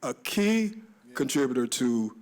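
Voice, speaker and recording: A man's voice: mid-range voice, big pitch swings, a little slow. A man, a DJ on a discussion panel, telling stories in a rambling, reminiscent way with many restarts.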